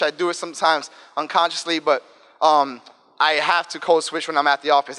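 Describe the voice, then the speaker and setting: A man in his thirties from the South Bronx with an African American English accent, giving an energetic, talkative and joking casual talk to students. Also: sits high. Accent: African American English, New York. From South Bronx, New York. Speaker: guest speaker. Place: school event room. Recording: long reverb hall.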